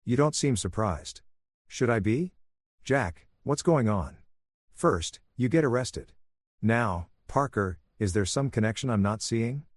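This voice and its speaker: A man's voice: medium pitch, lively intonation, a little slow, dry recording, studio quality. A man reading as a desperate pleading wife. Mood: anxious. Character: desperate scheming wife, adult woman, tearful.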